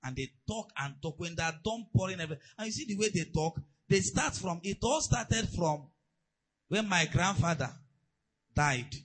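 A man preaching a sermon, telling stories and asides in an animated way. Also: high voice, normal speed, husky, rough recording. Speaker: pastor.

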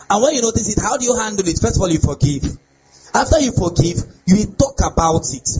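A young adult man, a pastor, preaching a lively sermon on relationships and often asking his listeners if they get the point. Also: sits high, slight background noise. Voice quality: animated preaching with laughs and repeated rhetorical questions. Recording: dull lo-fi sound with faint ambience.

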